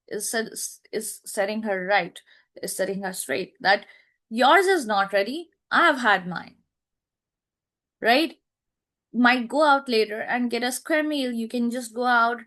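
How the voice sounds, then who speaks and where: A woman teacher explaining a play line by line, repeating herself and checking with "right?", pausing to search for words. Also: mid-range voice, fairly bright tone.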